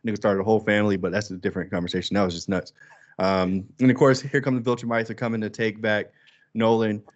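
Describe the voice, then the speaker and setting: Male podcast co-host, relaxed chat with lively bits; low-ish voice, muffled lo-fi recording. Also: fast talker. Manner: animated, jumps high to act out quoted lines. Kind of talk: casual chat.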